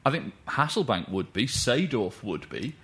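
A man joining a football podcast as a guest, talking casually and quickly, with firm opinions and the odd swear word. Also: mid-range voice, big pitch swings, a bit bright, husky.

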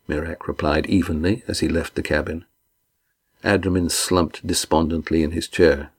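A man narrating a novel chapter aloud in a measured, steady way. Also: extremely low pitch, slightly rough. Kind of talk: audiobook narration.

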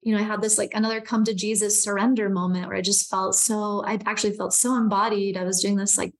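A woman's voice: medium pitch, quick pace. A woman, a podcast guest, talking candidly in casual conversation, with lots of "like" fillers. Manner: candid, animated, frequent "like" fillers.

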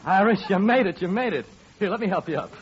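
An excitable songwriter. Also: male voice, sits high, fast, faint music behind. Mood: agitated. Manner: impatient, agitated. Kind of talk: 1940s radio acting. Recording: dull old radio broadcast.

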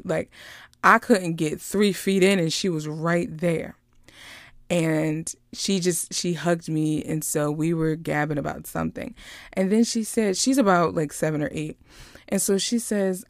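A woman casually recapping a movie, chatty and animated, drifting into personal stories. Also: fairly low pitch, no room sound, studio quality. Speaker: vlogger reviewing a movie.

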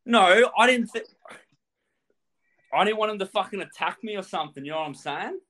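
A man's voice: high-pitched, a little fast. Brash swearing storyteller man. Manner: animated, swears a lot, laughs while telling. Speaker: guest telling a travel story. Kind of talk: casual storytelling.

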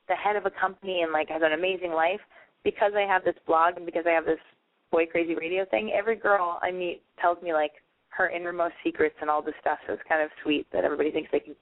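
A woman hosting a call-in podcast, giving dating advice in a brash, rambling, profane way. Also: on the low side. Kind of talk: casual call-in advice chat. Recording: phone-like narrow band.

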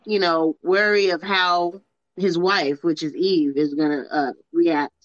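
A woman co-hosting a casual film podcast, steering the talk scene by scene with halting restarts. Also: lowish voice, steady tone, dry recording, lo-fi sound. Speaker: podcast co-host. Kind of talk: casual movie discussion.

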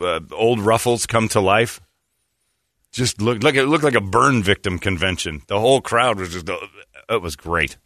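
A young man with a low, forceful voice tells a story on a talk show. His delivery is sardonic and full of mocking asides. The sound is dry and close. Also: no echo. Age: young adult. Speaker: radio show co-host. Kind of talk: casual comedic chat.

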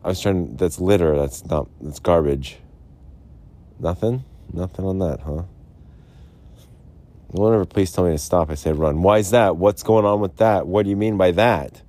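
Low, dark-voiced man ranting. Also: normal speed. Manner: frustrated, mumbling, repetitive. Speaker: podcast host. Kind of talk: rambling solo podcast rant. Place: Arizona.

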